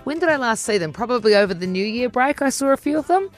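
A woman's voice: quick pace, soft background music. A young woman with a New Zealand accent, a radio host telling a story in casual chat and acting out the voices of the people in it. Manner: animated, acts out quoted voices with big pitch jumps.

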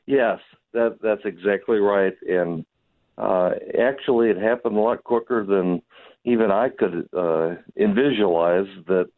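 Hoarse guy calling in on a tinny phone line, lowish voice, excited but halting. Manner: enthusiastic, halting with fillers. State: hoarse, losing his voice. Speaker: phone guest, venue operator. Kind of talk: phone interview. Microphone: telephone.

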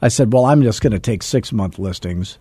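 A man's voice: lowish voice, brisk, husky, dry recording. A man in his sixties, a real estate coach, telling a self-deprecating story on a call and acting out the dialogue. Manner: animated, acts out quoted dialogue; self-deprecating, chuckles often.

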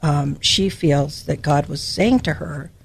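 A woman's voice: deep voice, slow, gravelly, husky. An older woman from Hawaii giving a personal, emotional devotional Bible teaching as a podcast host.

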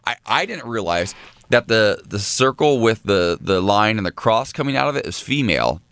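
A man's voice: fairly low pitch, lively intonation, normal speed, a bit bright, clean tone, no echo. A man co-hosting a morning radio show, chatting animatedly and laughing often. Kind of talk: casual radio banter.

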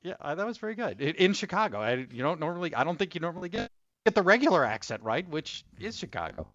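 A male fantasy football analyst calling in by phone, brisk and full of stats with quick restarts. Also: fairly high pitch, very animated, a bit bright. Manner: brisk, stat-heavy, hedging restarts. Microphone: phone line. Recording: muffled phone line.

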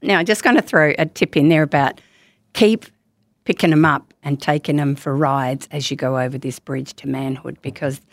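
Low-voiced woman hosting an interview. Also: steady tone, normal speed, no room sound. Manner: easy, chatty questioning, offering her own tips. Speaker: podcast host, interviewer. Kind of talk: conversational interview.

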